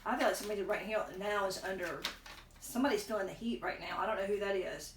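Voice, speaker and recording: A woman with a mid-range voice talks fast over background noise. She's a tarot reader doing a casual reading, rambling and correcting herself as she thinks aloud and chews gum, recorded in an echoey room far from the mic.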